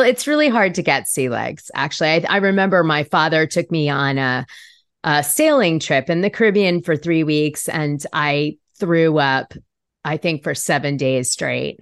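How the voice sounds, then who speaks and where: A woman's voice: deep voice, moderate pace, dry recording, clean studio sound. Chatty woman podcast host. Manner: chatty, laughs often. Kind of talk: casual podcast chat.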